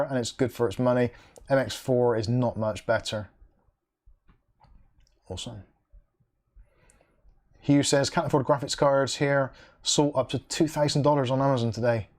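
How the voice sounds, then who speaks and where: This livestream host is a man with a mid-range voice who talks a little slowly, leaving long pauses. In casual, chatty fashion he reads comments aloud, adds dry asides, and hums "da da da" between them.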